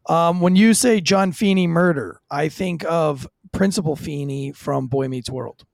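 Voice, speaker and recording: Gravelly-voiced joking man. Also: a little high, no echo. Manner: crude, joking, quick and loose. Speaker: podcast co-host, former police officer. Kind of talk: casual true-crime podcast banter.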